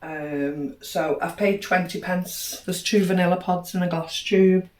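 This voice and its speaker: In an unhurried, steady, darkish and fairly low voice, a middle-aged British woman casually walks through her grocery haul, cheerfully working out prices and savings. There's roomy echo, faint noise and a distant-sounding mic.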